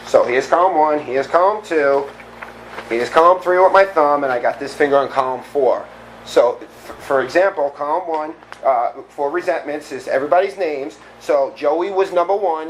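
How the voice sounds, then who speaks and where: A middle-aged man giving a candid, animated personal recovery talk, often laughing at himself. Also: on the high side, normal speed, slight background noise, rough recording. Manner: candid, animated storytelling with self-deprecating laughs. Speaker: recovery meeting speaker.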